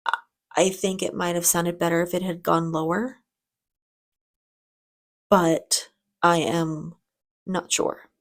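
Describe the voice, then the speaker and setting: A woman's voice: on the low side, flat delivery, slow, pauses often. A woman hosting a reaction video, giving casual commentary in a chatty, enthusiastic way with frequent restarts.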